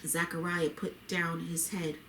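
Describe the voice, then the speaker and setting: Woman narrator, scripted storytelling, lowish voice, faint background hum. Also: level tone, a little slow, a bit bright, distant mic. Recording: roomy echo, faint ambience.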